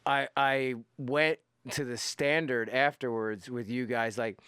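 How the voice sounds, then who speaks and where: A man's voice: mid-range voice, fairly even intonation, a little slow, a bit bright, smooth, no room sound, clean studio sound. A man hosting a podcast, telling a rowdy tour story in a loose, profane, laughing way with lots of restarts. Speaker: podcast host. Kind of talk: casual storytelling chat.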